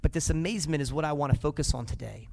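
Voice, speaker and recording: High-voiced pastor preaching in a reverberant hall. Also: male voice, rapid-fire, gravelly. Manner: lively, asks the congregation questions. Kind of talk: sermon.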